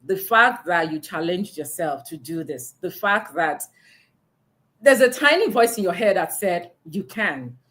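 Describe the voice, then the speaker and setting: Lively laughing woman host. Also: on the low side, unhurried, a little hiss or hum. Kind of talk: virtual book launch interview. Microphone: video call.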